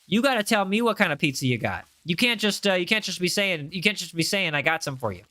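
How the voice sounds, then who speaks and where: Young male streamer, playful teasing chat, bright high voice, dry close mic. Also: animated, fast, dry recording. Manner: playful, teasing, repeats himself for comic effect. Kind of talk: casual live-stream chat while gaming.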